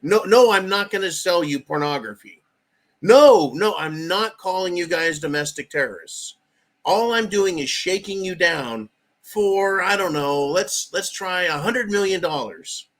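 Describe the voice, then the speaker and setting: A man's voice: high-pitched, lively intonation, a bit bright. A man doing a wheedling official on the phone. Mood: wheedling mockery. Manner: fast, wheedling, repeated denials. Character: smug male government official caricature, shakedown caller.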